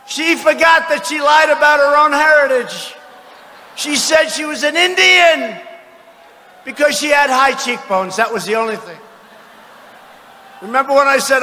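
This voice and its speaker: A man in his seventies giving a political rally speech in an arena, boastful and mocking, often breaking into shouts. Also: very high voice, a little slow, pauses often, slight background noise. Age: 70s. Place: large arena with crowd. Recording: arena with long reverb.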